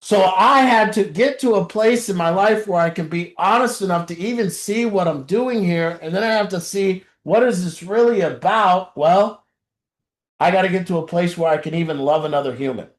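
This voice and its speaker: High-voiced man preaching bluntly at a group. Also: moderate pace. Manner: blunt and profane, swinging from quiet to shouting. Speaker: recovery group speaker. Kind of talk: impassioned confessional talk. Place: group meeting room. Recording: roomy echo.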